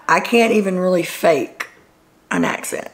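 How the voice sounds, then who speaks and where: A woman's voice: lowish voice, very animated, a little slow. A woman from Texas with a Texan accent, hosting a casual reality TV recap show and giving blunt, opinionated commentary. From Texas, USA.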